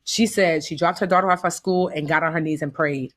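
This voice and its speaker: Deep-voiced and a little fast, this woman from the United States is a guest telling stories casually. She brings them to life by acting out quoted voices and adding folksy comments.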